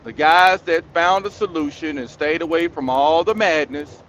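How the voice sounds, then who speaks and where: Speaking at a moderate pace with a fairly high, slightly bright voice, a man running his own commentary channel lectures his viewers in a preachy, scolding rant. He addresses them directly and keeps repeating points for emphasis. There's slight background noise.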